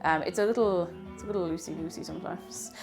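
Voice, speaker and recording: A woman's voice: on the low side, fast, creaky, darkish tone, faint music behind. A woman with an Irish accent casually chatting with her livestream viewers while baking, playfully greeting them by name. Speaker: livestream host.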